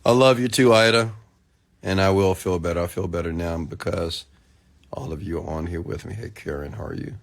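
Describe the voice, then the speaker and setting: Host type: low gravelly man, rambling and excitable livestream chat, answers viewer comments, recovering from food poisoning. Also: fairly quick. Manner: rambling, excitable, lots of restarts. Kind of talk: casual late-night livestream chat.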